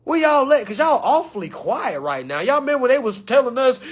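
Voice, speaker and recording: A man ranting to camera in an animated, joking way, loud and slangy, calling out to his viewers. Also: extremely high pitch, fairly quick, hardly any pauses, slightly rough.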